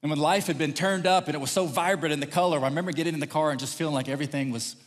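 Pastor from Texas, male, fairly high voice, animated sermon storyteller, long hall reverb. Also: rapid-fire. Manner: animated, acts out quotes in raised voice.

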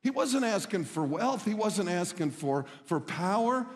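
Middle-aged male pastor, earnest storyteller, slightly high voice, long hall reverb. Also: very animated, unhurried. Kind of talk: sermon.

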